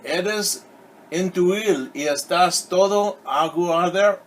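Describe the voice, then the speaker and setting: A man's voice: sits high, takes it slowly, a little hiss or hum, pitched above the performer's own voice, low-quality recording. A man voicing a grumpy old man who scolds his worn-out hat in a children's storybook read-aloud. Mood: exasperated.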